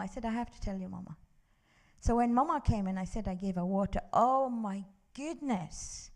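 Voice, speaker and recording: A woman's voice: medium pitch, normal speed, creaky, darkish tone. A woman teaching a Quran class in a mosque, telling stories in British-accented English and reciting Arabic verses.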